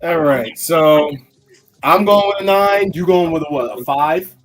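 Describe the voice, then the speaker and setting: A man hosting a casual podcast chat, animated, playful and swearing freely. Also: on the high side, unhurried, faint music behind. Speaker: host.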